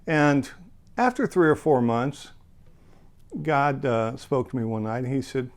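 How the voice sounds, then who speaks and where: A man's voice: mid-range voice, unhurried. A middle-aged man sharing a personal Christian testimony, earnest and emotional, with touches of self-deprecating humor.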